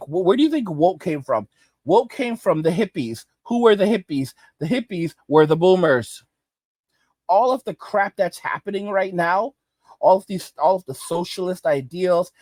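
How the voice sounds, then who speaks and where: A man's voice: on the high side, a little mellow, no echo. A male host delivering an angry, emphatic rant, repeating his points over and over. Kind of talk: ranting commentary.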